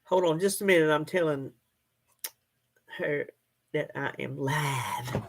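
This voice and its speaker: A woman's voice: low-pitched, slow pace. A woman hosting a casual livestream, chatting folksily with viewers and laughing often. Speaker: livestream host. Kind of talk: casual live chat reading comments.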